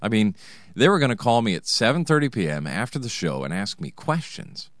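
Wry, deep-voiced American man. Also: sing-song, fairly quick, a bit bright, no room sound, clean studio sound. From United States. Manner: wry, sarcastic, digressive. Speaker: narrator, host. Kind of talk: comic personal storytelling.

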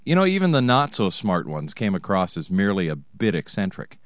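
A man's voice: low voice, wildly swooping pitch, a little fast, no room sound. An American man with a wry, sarcastic, digressive manner, telling a comic personal story. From United States. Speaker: narrator, host.

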